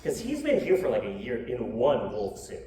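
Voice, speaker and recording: A woman comedian doing a lively live storybook reading, with joking asides and coaxing the audience to join in. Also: extremely low pitch, moderate pace. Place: live show venue with audience. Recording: echoey room, far mic, audience noise.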